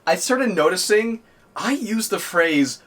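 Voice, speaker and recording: A man in his twenties, chatting casually as a podcast co-host, rambling and animated. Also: high voice, a little slow. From Canada, Nova Scotia. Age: 20s. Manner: rambling, animated, puts on silly voices for quotes. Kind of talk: casual chat.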